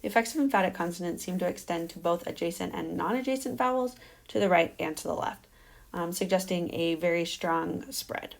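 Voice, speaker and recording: A woman presents her dissertation research in a steady, explanatory academic manner. Her voice sits a little low and carries a gravelly fry. She talks through her slides with the occasional um. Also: brisk. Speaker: doctoral candidate presenting a dissertation defense.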